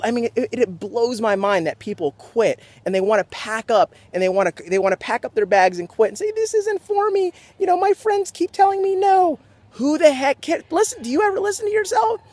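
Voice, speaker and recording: An energetic young man with a fairly high voice gives a pumped-up, preachy motivational talk to camera, fresh off a sports game. The sound is dry and close, with little room echo. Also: husky. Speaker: motivational vlogger.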